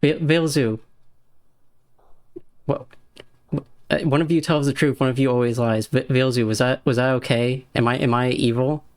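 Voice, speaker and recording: A man's voice: medium pitch, steady tone, normal speed, pauses often. A young man streaming a video game live, talking to himself and chat in an exasperated, swearing way.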